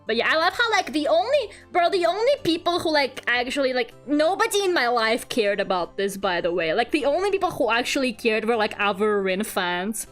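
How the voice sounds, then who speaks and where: A woman's voice: fairly high pitch, sing-song, fairly quick, few pauses, a bit bright, faint music behind. A young woman from England streaming as an artist, chatting casually and animatedly, laughing often and swearing now and then. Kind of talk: casual chat while drawing on stream.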